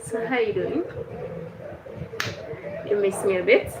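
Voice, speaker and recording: A young woman chats to her livestream viewers, telling a story with a laugh never far off. Her voice is mid-pitched. It bounces around an echoey room, with a clear hum of background noise under it. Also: takes it slowly. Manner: chatty storyteller, laughs often. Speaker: livestream host. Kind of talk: casual livestream chat.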